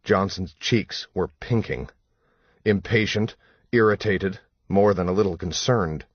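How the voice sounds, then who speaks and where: A man narrating an audiobook in a measured, even storytelling manner. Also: low-pitched, no echo, lo-fi sound. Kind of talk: scripted narration.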